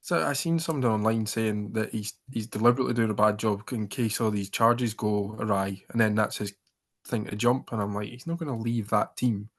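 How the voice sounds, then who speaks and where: A man's voice: lowish voice, fairly even intonation, brisk. Earnest man guesting on football chat.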